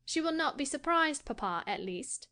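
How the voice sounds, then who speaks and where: A woman's voice: high-pitched, animated, moderate pace, sharp tone. An actress playing a cheerful young daughter who soothes her anxious father in an audiobook. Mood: reassuring. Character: bright, reassuring young daughter. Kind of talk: audiobook character voice.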